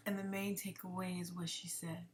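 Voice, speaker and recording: A woman with a lowish voice talks through an emotional commentary to her viewers. She often drops to a whisper and circles back to repeat her points. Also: flat delivery, moderate pace, slight background noise. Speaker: commentary vlogger.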